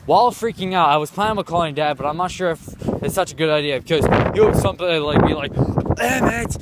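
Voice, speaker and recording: Rambling vlogger in loud wind. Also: male voice, on the high side, fast talker. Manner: rambling, constantly repeats "of course". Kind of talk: casual rambling story vlog. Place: outdoors in the cold, walking. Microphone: handheld phone. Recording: loud wind noise on phone mic.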